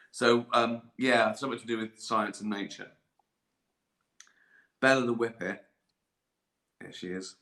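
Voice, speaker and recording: An older man chats casually on a live stream, rambling, swearing, and laughing often. His voice is fairly low in pitch, pushed, and bright, and the room sounds echoey.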